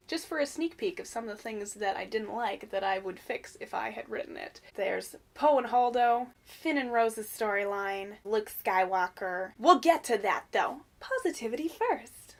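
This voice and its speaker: A young woman vlogging an excited film review, gushing and animated, swearing casually and breaking into squeals. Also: medium pitch, moderate pace, gravelly, few pauses.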